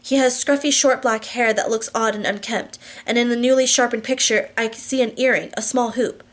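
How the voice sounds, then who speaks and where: A woman's voice: a little high, steady tone, normal speed. Woman reading a novel aloud. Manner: reads with frequent restarts and slips. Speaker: audiobook reader.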